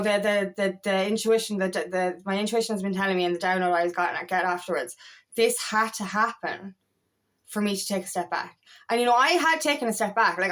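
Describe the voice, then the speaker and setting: A woman's voice: mid-range voice, a bit bright. Woman ranting to camera about her love life, blunt, swears a lot, keeps saying you know what i mean. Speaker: feminine empowerment coach. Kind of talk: casual spiritual talk to camera.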